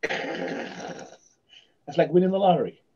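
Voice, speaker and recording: A man's voice: a little high, slow pace, a little mellow, breathy edge, dull audio. A man, a magician guest, telling long rambling anecdotes with many restarts in casual podcast chat. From South Africa.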